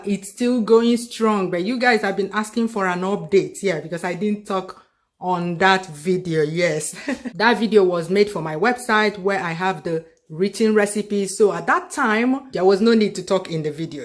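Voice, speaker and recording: A woman's voice: mid-range voice, normal speed. Chatty Nigerian Igbo-accented woman cooking host. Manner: chatty, tacks on "yeah" and "yes" to confirm her points; playful, laughs between steps. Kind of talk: cooking tutorial.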